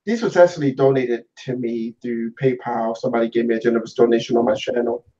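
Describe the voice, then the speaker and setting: A laid-back man chatting over a gaming headset. His voice is mellow and dark. The sound comes from a distance and is dull and muffled. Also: mid-range voice, fairly even intonation, quick pace. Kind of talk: casual chat. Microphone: wireless gaming headset.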